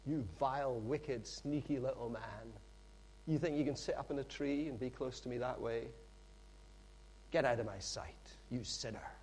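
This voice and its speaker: A man preaching and voicing a stern male teacher scolding a sinner in a low, slow, scornful tone. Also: darkish tone, a little hiss or hum, natural voice, poor audio.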